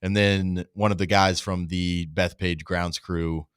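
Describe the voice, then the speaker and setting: A man's voice: low-pitched, level tone, unhurried, clear, resonant tone, no room sound, clean studio sound. A man co-hosting a sports talk show in casual banter, laid-back, reading statements aloud.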